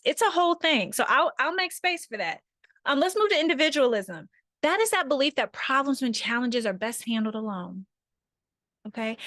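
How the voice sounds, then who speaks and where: A woman's voice: sits high, fairly bright tone, dry recording, studio quality. A woman facilitating an online workshop over a video call, talking conversationally and often checking in with her listeners.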